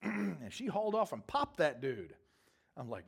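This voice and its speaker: A man's voice: a little high, big pitch swings, moderate pace, gravelly, breathy edge. Rambling, jokey male pastor telling a story. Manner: rambling, humorous, self-correcting storyteller. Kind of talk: storytelling sermon.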